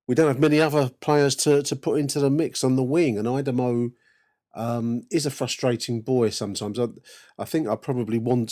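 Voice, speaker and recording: A man hosting a football podcast, talking in a measured, hesitant way with many fillers and addressing the listeners. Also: medium pitch, darkish tone. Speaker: podcast host. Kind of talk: casual podcast commentary.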